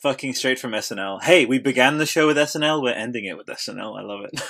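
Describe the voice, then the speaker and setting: A man's voice: mid-range voice, fast, fairly bright tone, slight background noise. A man with an Australian accent hosting a podcast, chatting casually and effusively and swearing freely. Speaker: podcast host. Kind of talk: casual chat.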